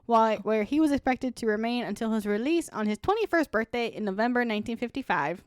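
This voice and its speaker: Young woman co-host, true-crime podcast, reads notes then cuts in with blunt swearing asides, higher voice, dry close sound. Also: animated, quick pace, no echo.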